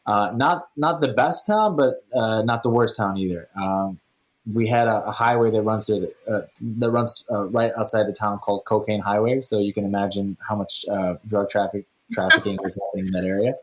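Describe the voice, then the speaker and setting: Male podcast guest, low-ish voice, animated casual storyteller. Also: normal speed. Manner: animated, acts out dialogue.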